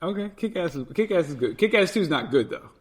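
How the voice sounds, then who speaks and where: A man co-hosting a podcast in casual chat, with a slightly higher voice. He pushes back on the host in a dry, skeptical way. He stays calm and unimpressed. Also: fast, breathy edge. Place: indoors, sitting across from the host.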